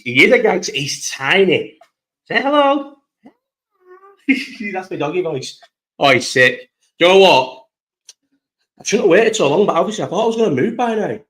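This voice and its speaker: Casual podcast host, man, raised pitch, rambling and sweary. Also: a bit bright, poor audio. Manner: rambling, swears freely, chatty storytelling. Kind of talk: casual live-chat podcast.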